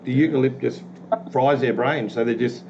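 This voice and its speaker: A man's voice: mid-range voice, normal speed, a little mellow. A man with an Australian accent co-hosting a casual interview, joking and using lots of slang. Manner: jokey, full of slang. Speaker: co-host. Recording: dull audio with faint noise.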